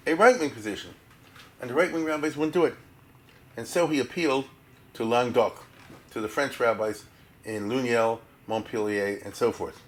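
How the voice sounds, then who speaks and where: A man lectures as a rabbi in a casual, conversational way, using Hebrew and Yiddish terms freely. His voice sits at a middle pitch but swings widely, rising sharply when he acts out quoted speech. He keeps checking in with "right?" and "you follow?". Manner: animated, asks listeners "right?" and "you follow?" often.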